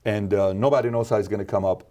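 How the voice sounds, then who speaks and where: A man from Iran, a podcast guest and entrepreneur, telling stories and acting out quoted exchanges with sudden jumps in pitch. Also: fairly even intonation, fast talker, warm tone. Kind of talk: animated storytelling interview talk.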